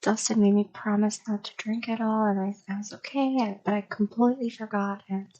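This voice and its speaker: A woman's voice: mid-range voice, fairly even intonation, fairly quick, no room sound. Young woman rambling asmr-style, slips into whispers, bit of a stutter, dry dull lo-fi sound. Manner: soft, rambling, drifting into whispers; slight stutter. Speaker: streamer.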